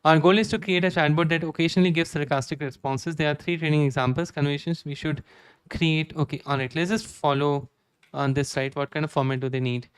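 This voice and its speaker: A young man with an Indian accent streaming live code, reading documentation aloud and thinking out loud with many "okay"s. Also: on the high side, fairly even intonation, fairly quick, clean tone, no echo. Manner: reads docs aloud, frequent "okay" fillers.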